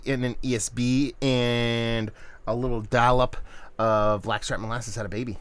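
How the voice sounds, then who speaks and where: A man's voice: mid-range voice, little pitch movement, measured pace, smooth. A man hosting a casual beer review video, talking in a loose, enthusiastic, slangy way.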